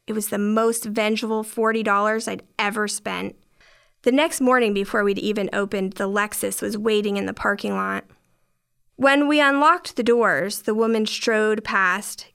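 A woman's voice: fairly high pitch, creaky, a bit bright, clean tone. A middle-aged woman narrating a first-person story in a dry, wry way.

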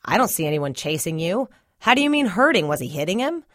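A woman's voice: on the low side, big pitch swings, fast, a bit bright, no room sound, clean studio sound. A woman doing a tough, scoffing boy. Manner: teasing, dismissive.

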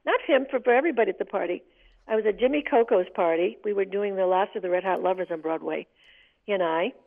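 An older woman, an actress, telling stories in an interview, animated and laughing often. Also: medium pitch, fast. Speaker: guest, actress. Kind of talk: interview on a call. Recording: tinny phone line.

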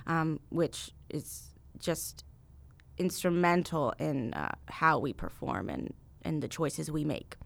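Slow, gravelly woman stage actor. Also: low-pitched, lively intonation. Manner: explanatory, with fillers and stretched words. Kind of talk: radio interview guest.

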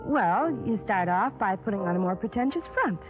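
A woman's voice: medium pitch, expressive, normal speed, natural voice. A woman playing an earnest, coaxing girlfriend in an old radio drama. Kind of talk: 1940s radio drama acting. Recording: tinny old radio with music.

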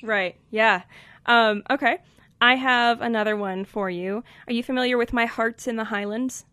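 A Colorado woman with an American accent hosts a podcast, chatting thoughtfully and reading poetry aloud. Her voice is a little high, steady, moderately paced, pushed and bright, with plenty of fillers. The recording is dry.

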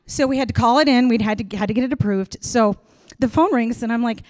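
A middle-aged woman doing stand-up storytelling, frank and animated, acting out the voices in her tale. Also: fairly high pitch, fast talker, no echo, studio quality. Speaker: comedian.

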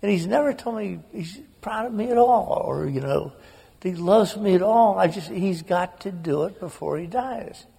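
A woman's voice: mid-range voice, fairly quick, vocal fry, few pauses, mellow, breathy edge, voice pushed up, full character voice. A man putting on the voice of a distraught grown daughter who screams and pleads with her dying father. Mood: tearful pleading. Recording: long hall reverb.

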